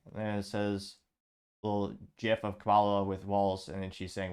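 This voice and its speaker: Sarcastic low-voiced male commentator. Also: moderate pace, a little mellow. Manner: sarcastic, wry. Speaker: podcast host. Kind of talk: political commentary reading social media replies.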